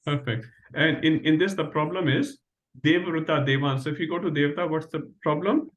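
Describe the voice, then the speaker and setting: A man's voice: fairly high pitch, brisk, lo-fi sound. A man leads an online scripture class. His slightly raised voice stays emphatic, and he breaks his points up with rhetorical tags and small chuckles.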